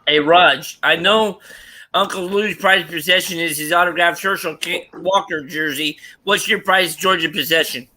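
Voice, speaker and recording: High bright sharp-voiced guy asking questions in a chat. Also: steady tone, normal speed, low-quality recording. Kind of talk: casual chat.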